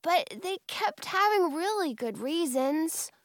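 An earnest, eager young boy who talks with a lot of enthusiasm, as a woman reads him in a storybook. His voice sits higher than the reader's own and sounds close and dry. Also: animated, takes it slowly, no echo, full character voice. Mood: defensive.

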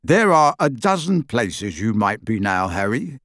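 A man doing a quiet, calm middle-aged father. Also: on the low side, unhurried, no echo, studio quality. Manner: quiet, soothing.

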